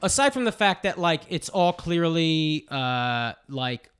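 Animated, ranting podcast host man. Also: on the high side, slow, clear, resonant tone. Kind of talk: casual podcast chat.

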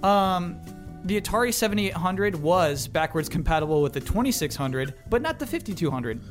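A man's voice: sits high, sing-song, moderate pace, soft background music. A man moderating a casual gaming podcast, joking and reading listener questions.

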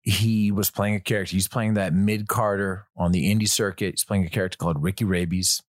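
Animated male actor guest, dry sound. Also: low voice, a little fast, no room sound. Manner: animated storyteller, frequent restarts, swears. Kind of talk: casual podcast chat.

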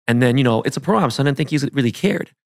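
A man hosting a podcast, telling stories in a loose, profane, animated way and calling people "bro". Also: mid-range voice, racing, creaky, no room sound, studio quality. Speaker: podcast host. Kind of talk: casual storytelling. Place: podcast studio.

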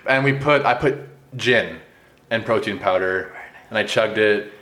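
A man's voice: lowish voice, a little slow, pushed and bright. A young man co-hosting a podcast, telling stories and teasing his friend in casual banter. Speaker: podcast co-host. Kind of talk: casual chat.

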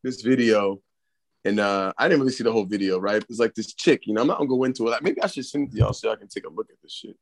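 A man's voice: lowish voice, vocal fry. A man, co-hosting a casual podcast chat, rambling and starting over often. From Baltimore. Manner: rambling, restarts, talks fast. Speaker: podcast co-host.

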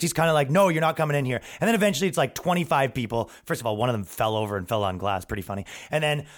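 A young man hosting a podcast, rambling through comedic stories with laughs and restarts. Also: mid-range voice. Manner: rambling, laughing, frequent restarts and acted quotes. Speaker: podcast host. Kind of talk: comedic storytelling monologue.

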